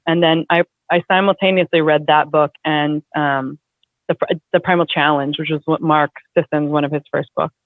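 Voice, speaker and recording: A woman guest in a casual conversation, talking in an animated, chatty way with lots of fillers. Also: low-pitched, normal speed, dry recording. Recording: dry, tinny phone-like line.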